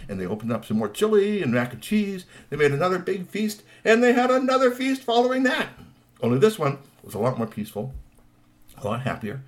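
A man spinning a children's tale with a swooping, lively voice that rises and falls. He tells it playfully and breaks in with chatty asides. His pitch sits in a middle range. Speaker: storyteller. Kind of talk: told children's story.

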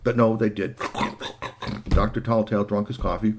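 A man narrating a children's story in an animated way, adding sound effects and asides. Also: on the low side, normal speed, slight background noise.

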